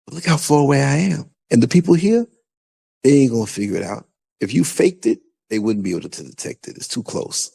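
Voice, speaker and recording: New York man, podcast host, raspy gravelly voice, chatty and rambling. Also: medium pitch, a little fast. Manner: animated, loose and chatty, many restarts. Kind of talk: casual conversation.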